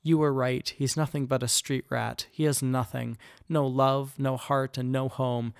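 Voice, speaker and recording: A man voicing a proud, heartbroken young woman in a measured storybook reading. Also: mid-range voice, level tone, creaky, no echo, studio quality. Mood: grieving.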